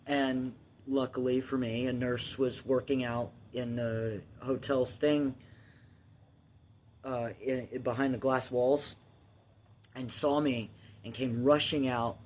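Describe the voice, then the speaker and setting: A man's voice: mid-range voice, slight background noise. Man telling a rambling personal story. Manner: rambling, profane, laughs at his own story.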